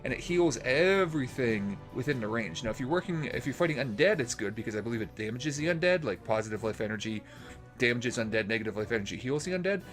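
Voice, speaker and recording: A man's voice: mid-range voice, expressive, quick pace, fairly bright tone, faint music behind. A man hosting a let's play, commenting casually on a role-playing game as he plays, rambling with fillers and restarts. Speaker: gaming channel host.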